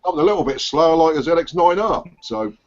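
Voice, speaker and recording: A man's voice: fairly high pitch, lively intonation, quick pace. A man with a Suffolk accent hosting a casual biker hangout over a video call, chatty and rambling, with lots of fillers and restarts. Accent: English, Suffolk. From England. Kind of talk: casual chat. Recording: dull lo-fi video call audio.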